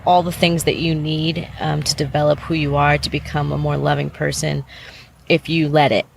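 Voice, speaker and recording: A woman's voice: sits low, level tone, moderate pace, creaky, slight background noise. A middle-aged woman, a podcast guest, giving reflective, earnest advice in a candid interview, with many fillers.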